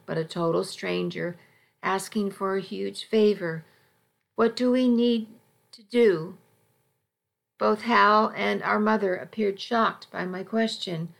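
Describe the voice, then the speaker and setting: Woman narrator for a first-person audiobook, unhurried and even, mid-range voice. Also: medium pitch, creaky. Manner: measured, even storytelling delivery.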